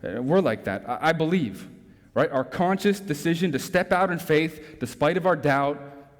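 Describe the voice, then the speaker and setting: Emphatic preacher with a ringing hall echo. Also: male voice, mid-range voice. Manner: emphatic preaching with frequent rhetorical tag questions. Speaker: pastor. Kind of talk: sermon. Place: church sanctuary. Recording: long reverb from a large hall.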